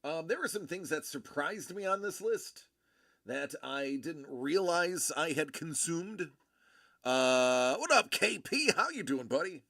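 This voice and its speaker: Bright, lively male stream host. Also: fairly high pitch, measured pace. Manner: rambling and friendly, with many fillers and shout-outs. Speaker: livestream host. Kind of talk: casual chat with viewers.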